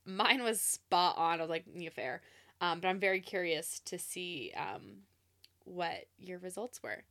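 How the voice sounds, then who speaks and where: A young woman talks in a loose, rambling way, full of "um" and "like," and breaks into laughter often. Her voice is bright and forward. The sound is dry and close, with no room around it. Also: fairly low pitch, animated, measured pace, dry recording. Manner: chatty, laughs often, lots of fillers. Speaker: podcast co-host. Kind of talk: casual chat.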